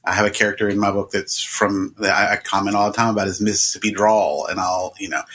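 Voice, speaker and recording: Guy cohosting a podcast, lowish voice, keeps stumbling and restarting. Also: flat delivery, fairly bright tone. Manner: halting, with many restarts. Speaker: podcast co-host. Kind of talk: casual chat.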